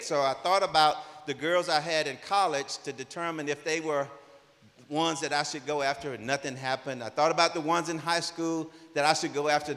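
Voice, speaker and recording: Older male conference speaker, vivid storyteller, crisp bright tone, long hall reverb. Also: a little high. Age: 60s. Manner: animated, acts out dialogue in his story. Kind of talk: personal storytelling talk.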